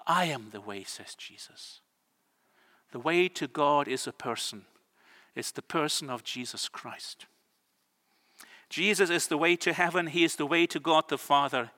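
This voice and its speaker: Male preacher, earnest, drawn-out emphasis; bright, forceful tone. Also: on the high side. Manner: earnest, slows words for emphasis. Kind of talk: sermon. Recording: long church reverb.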